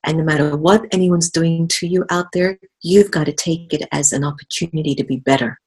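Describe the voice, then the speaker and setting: A woman speaking as a spiritual guest in a conversational interview, earnest and animated. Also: deep voice, brisk, breathy edge, low-quality recording.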